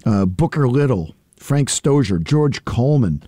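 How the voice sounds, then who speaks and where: A man's voice: medium pitch, animated, measured pace, mellow, no room sound, clean studio sound. A man hosting a music program, talking through songs in a thoughtful, conversational way with frequent fillers and restarts. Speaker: music radio host.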